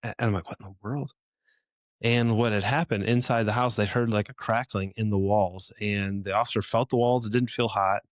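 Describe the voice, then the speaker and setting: A man's voice: lowish voice, steady tone, brisk, few pauses, no room sound, clean studio sound. A middle-aged man hosting a podcast, giving earnest, encouraging advice to fathers in a direct way. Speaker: podcast host. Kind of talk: motivational talk to fathers.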